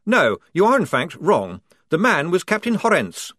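A man's voice: sits high, wildly swooping pitch, normal speed, a bit bright, no echo, studio quality, pitched above the performer's own voice, heavily acted. Man doing a prim, nervous young lieutenant. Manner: prim, formal and polite. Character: fussy, anxious young officer trying to sound firm.

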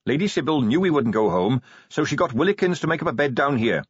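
A man's voice: medium pitch, lively intonation, fast, breathy edge, dry recording, dull audio, pitched above the performer's own voice. Man voicing an earnest young watch captain.

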